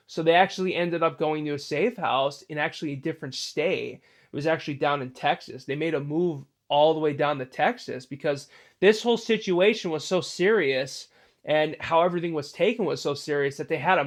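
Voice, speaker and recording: A man's voice: on the high side, brisk. A man, host of his own channel, telling a creepy story in a loose, rambling way full of fillers and restarts. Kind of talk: casual spoken storytelling.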